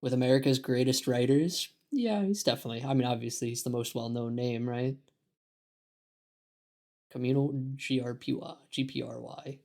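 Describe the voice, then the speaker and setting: A man's voice: medium pitch, moderate pace, creaky, a little mellow. A male streamer chatting casually on a live stream, profane and sarcastic. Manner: profane, sarcastic, mocks others in put-on voices.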